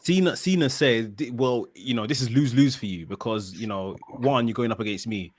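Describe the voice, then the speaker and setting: A man on a podcast, recapping events at length in a steady, explanatory way. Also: mid-range voice, fairly quick, no echo. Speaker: podcast co-host. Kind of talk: casual podcast analysis.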